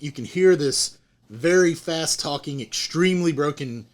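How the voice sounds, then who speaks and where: The voice belongs to a middle-aged man, pitched on the high side and delivered at a measured pace. As a podcast host telling a story in easygoing chat, he's animated and acts out the quotes of the people involved.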